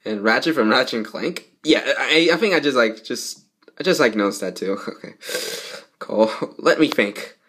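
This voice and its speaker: Young man reading fanfic, lively pitch. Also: normal speed, husky. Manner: rambling, jumps into squeaky character voices. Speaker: fanfic reader. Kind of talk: casual fanfic read-aloud with comments.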